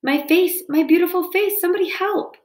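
A woman's voice: on the high side, sing-song, normal speed, a bit bright, pitched above the performer's own voice. A woman reading aloud and voicing a hungry, sly male fox who growls and sneers. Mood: wailing. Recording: roomy echo.

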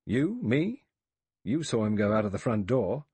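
Sardonic tough guy, clipped and forceful, a man reading him, dry close sound. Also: medium pitch, big pitch swings, moderate pace, slightly rough, dry recording, voice pushed up. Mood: sharp. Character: cool, sardonic adventurer man. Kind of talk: audiobook character voice.

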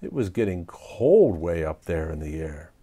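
A man reading a children's storybook aloud in an animated, expressive way. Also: sits low, measured pace, slightly rough. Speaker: storybook reader.

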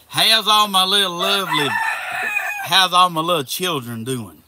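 A man chatting casually outdoors by his animal pens, slow and doting, slipping into baby-talk with his animals. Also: high-pitched, animated. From Southern United States. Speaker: vlogger. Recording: loud outdoor background noise. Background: chickens clucking and roosters crowing.

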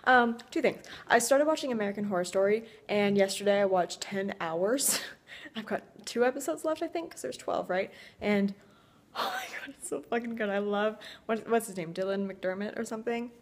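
A woman's voice: medium pitch, lively intonation, moderate pace. A young woman from Canada chatting casually to camera in a daily vlog, swearing freely and joking at her own expense. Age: young adult. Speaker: vlogger.

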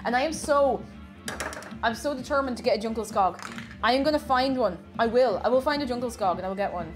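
A woman's voice: fairly high pitch, brisk, soft background music. A young woman chatting cheerfully on a live stream while baking, greeting viewers and repeating her phrases.

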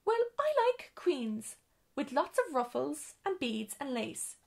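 A woman reading a storybook aloud and voicing a cross, fussy lady dressed as a queen who exclaims in a high voice. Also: sing-song, a little slow, darkish tone.

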